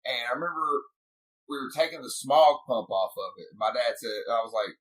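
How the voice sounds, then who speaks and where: A man's voice: medium pitch, fairly even intonation, brisk, low-quality recording. A man co-hosting a podcast, telling long rambling stories with plenty of swearing and laughter. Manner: rambling storyteller, swears freely, laughs often. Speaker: podcast co-host. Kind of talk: casual chat.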